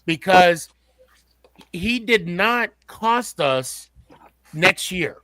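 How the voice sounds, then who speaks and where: Bright-voiced man, halting podcast host. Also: high voice, animated, no echo. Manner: halting, repeats words while building a point. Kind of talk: casual sports podcast chat.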